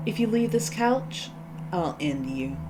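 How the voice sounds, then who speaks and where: A woman's voice: on the low side, lively intonation, a little slow, noisy background. Woman reading as an unhinged woman captor. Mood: menacing. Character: unhinged cheerful woman caretaker turned captor. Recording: game playthrough with music behind.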